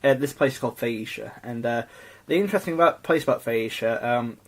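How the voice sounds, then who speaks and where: A man's voice: medium pitch, brisk. A man co-hosting a casual podcast, rambling with many "like"s and restarts. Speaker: podcast co-host. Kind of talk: casual chat.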